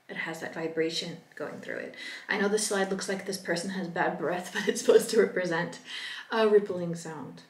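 A woman at a middle pitch leads an upbeat pronunciation lesson, spelling out sounds clearly for learners to copy. She sits a little away from the microphone. The room gives her voice a noticeable echo. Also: moderate pace, recorded from a distance. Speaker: language teacher. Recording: echoey room, a bit off-mic.

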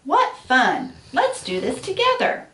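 A happy, curious young tadpole who wants to change too, as a woman puts him on. He sounds wide-eyed and eager, lively in pitch but slow. The voice comes from away from the mic in an echoey room. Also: distant mic, full character voice.

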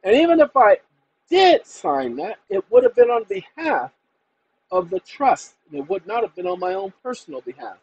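A man's voice: high-pitched, huge pitch swings, moderate pace, vocal fry, a little mellow, muffled recording, a little hiss or hum. A man hosting his own channel, talking to viewers in an emphatic, combative, colloquial monologue. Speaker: channel host.

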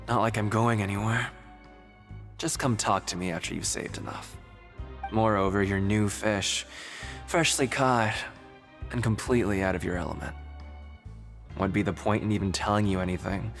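A man's voice: lowish voice, normal speed, long pauses, soft background music, natural voice. An actor playing a sly, chuckling older male prisoner who trades secrets, in video game voice acting. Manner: teasing, conspiratorial, chuckling.

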